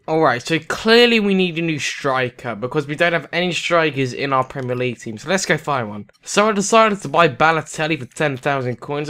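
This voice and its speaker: A young British man giving gameplay commentary on a football video game, excitable and sarcastic, shouting at goals. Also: on the high side. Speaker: gaming commentator.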